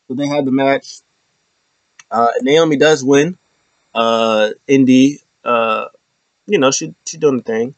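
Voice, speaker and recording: A man's voice: a little slow, dry recording, highs cut off. Rambling man recapping wrestling, dry sound. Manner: loose and rambling, many fillers, acts out quotes with sudden high-pitched squeals. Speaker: wrestling show host. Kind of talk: casual recap commentary.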